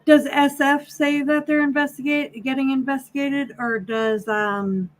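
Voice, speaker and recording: Woman, slightly high voice, blunt and questioning, casual guest on an online live chat. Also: steady tone, a little slow. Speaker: panel guest.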